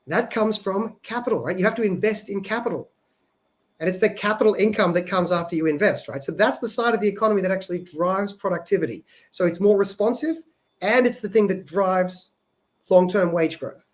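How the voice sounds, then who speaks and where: A man co-hosting a policy podcast, explaining economics in a casual way and often checking in with "right?". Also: high voice. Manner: explanatory, frequent "right?" tag questions. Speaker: podcast co-host.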